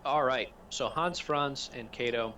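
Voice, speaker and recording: A man acting as game master for a tabletop game, talking over a gaming headset in a relaxed way, explaining things step by step. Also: mid-range voice, unhurried, slight background noise.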